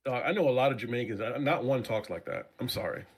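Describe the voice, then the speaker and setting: A man's voice: medium pitch, fast talker, breathy edge. A man as a guest on a casual live-stream chat show, ranting passionately with many repeats and profanity.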